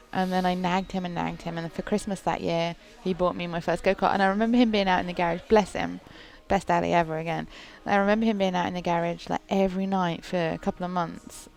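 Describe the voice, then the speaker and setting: English woman, low, gravelly, chatty storyteller, dinner guest. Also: fairly even intonation, quick pace, a little mellow. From England. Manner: chatty storytelling, laughs often. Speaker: racing driver guest. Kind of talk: casual dinner chat. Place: restaurant dinner table.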